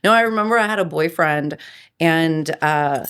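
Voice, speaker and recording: A woman hosts a podcast in easygoing conversation, her voice sitting a little low. She tells stories animatedly and laughs often as she goes. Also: moderate pace, clean tone. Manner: animated storytelling, frequent laughter. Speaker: podcast host. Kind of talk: casual chat.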